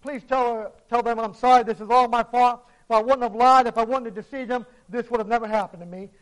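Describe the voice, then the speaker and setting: A man preacher voicing a dying fifteen-year-old girl who quietly pleads from a hospital bed. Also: very high voice, steady tone, fast, low-quality recording. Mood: pleading.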